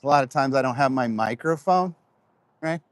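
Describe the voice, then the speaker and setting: A man's voice: medium pitch, expressive, normal speed, no room sound. Rambling man vlogging on a walk. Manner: chatty, rambling, addresses viewers directly. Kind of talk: casual walking vlog. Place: outdoors on a walk. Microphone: clip-on microphone close to face.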